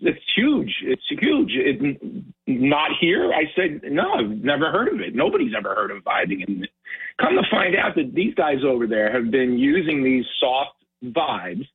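Brief: male phone-in guest, animated storyteller, husky voice, phone-line sound. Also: a little high, normal speed. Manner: animated storyteller, acts out quotes. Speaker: tackle company marketing manager, guest. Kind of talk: phone-in radio interview.

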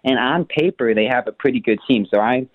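A man's voice: mid-range voice, brisk, no echo. A man calling in to a radio show, rambling and hesitant with many fillers, over a tinny phone line. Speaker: caller. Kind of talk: casual call-in chat.

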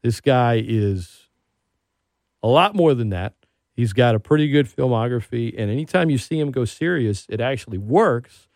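A man hosting a casual talk show, an animated storyteller who gets worked up. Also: medium pitch, moderate pace, dry recording, clean studio sound. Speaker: podcast host. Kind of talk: casual chat.

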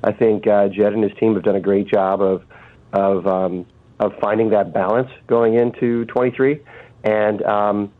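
A man calling in as a guest on a radio show, speaking haltingly with many fillers and restarts over a phone line. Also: on the low side, level tone.

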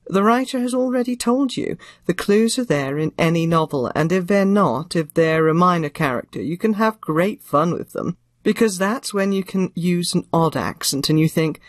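With a lowish voice and lively intonation, an older woman known for narrating audiobooks fields an interviewer's questions in crisp, theatrical phrasing. Her pace is moderate and she barely pauses, all on a dry recording with no room sound.

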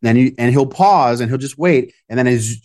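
A man's voice: mid-range voice, normal speed, darkish tone. A man co-hosting a talk show, opinionated and sarcastic, ramping up into heated rants. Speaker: podcast co-host.

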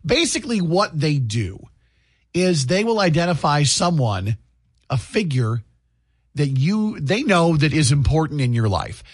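A man's voice: on the high side, sing-song, measured pace, breathy edge, no room sound, studio quality. A man, hosting a morning radio show and chatting about his family in an upbeat way. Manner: chatty, upbeat, tells home stories. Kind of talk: morning radio chat and announcements. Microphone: studio microphone, dry booth.

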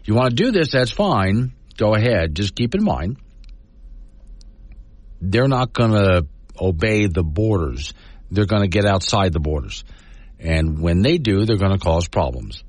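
A man's voice: fairly low pitch, very animated, measured pace, slightly rough, no room sound. A man hosting a talk show, giving folksy, argumentative commentary and reading news quotes aloud. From Wyoming. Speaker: talk radio host. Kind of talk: opinionated talk radio commentary.

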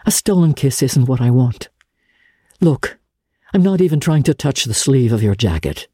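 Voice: medium pitch, very animated, normal speed, warm tone, slightly rough, no echo, studio quality. An ardent, pleading young man, as a reader puts him on. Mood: urgent. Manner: urgent, pleading. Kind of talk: audiobook character reading.

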